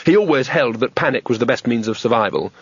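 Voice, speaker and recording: Husky-voiced man narrating an audiobook. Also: mid-range voice, a bit bright, dry recording. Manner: measured, wry storytelling. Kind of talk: scripted narration. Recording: dull, dry lo-fi recording.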